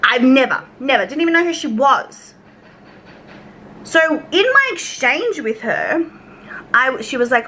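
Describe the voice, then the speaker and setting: A woman's voice: fairly high pitch, animated, normal speed, sharp tone, a little hiss or hum, rough recording. A young Australian woman telling a casual storytime rant to her viewers, chatty and swearing freely as she acts out exchanges. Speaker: YouTube commentary creator.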